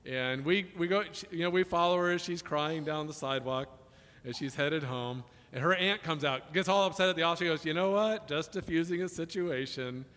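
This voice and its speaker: Pastor type, man, high bright voice, chatty jokes into earnest preaching, long reverb of a hall. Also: a little fast. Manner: chatty, jokey storytelling building to earnest preaching. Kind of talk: sermon with humorous stories.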